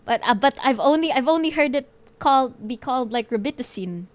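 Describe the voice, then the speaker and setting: Painting live as a vtuber, a woman talks a little fast in a high, animated voice. She keeps things playful with her viewers, swears offhandedly, and muses aloud to chat.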